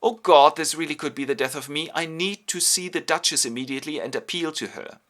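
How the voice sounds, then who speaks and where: A man voicing a rash, excitable young prince officer who stammers and rushes, in a comic retelling with toy figures. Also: fairly high pitch, voice pushed up, close to an everyday voice. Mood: agitated. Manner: flustered, stammering, eager.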